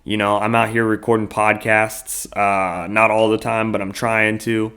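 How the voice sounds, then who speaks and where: A man's voice: fairly low pitch, little pitch movement, unhurried, sharp tone, clear, resonant tone. A man hosting his own podcast in a casual solo monologue, rambling loosely with lots of fillers and frequent swearing. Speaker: podcast host.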